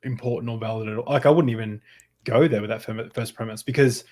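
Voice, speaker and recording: A man's voice: medium pitch, steady tone, quick pace, darkish tone. Eager man interjecting in podcast chat. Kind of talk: casual debate chat.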